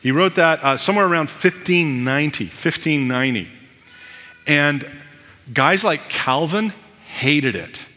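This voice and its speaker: Man, pastor preaching, bright forceful voice, long hall reverb, conversational with wry asides. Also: on the high side, animated, unhurried. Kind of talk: sermon.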